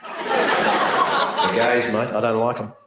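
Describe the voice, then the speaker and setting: Gruff Australian bloke put on by a man, grumbling, low voice, echoey room. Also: little pitch movement, takes it slowly, some chatter behind. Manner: grumbling, stubborn. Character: gruff blokey homophobic male mate. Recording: echoey club, loud laughter.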